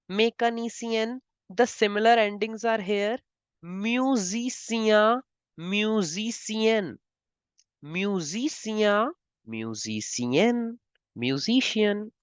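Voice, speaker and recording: A woman's voice: mid-range voice, no echo. A woman teaching French job names in English, breaking words into syllables and repeating them. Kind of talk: slow pronunciation lesson.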